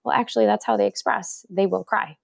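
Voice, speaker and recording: Animated middle-aged woman guest. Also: fairly quick, gravelly. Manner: animated, acts out inner voices in a higher pitch. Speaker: podcast guest, resilience author. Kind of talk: conversational interview.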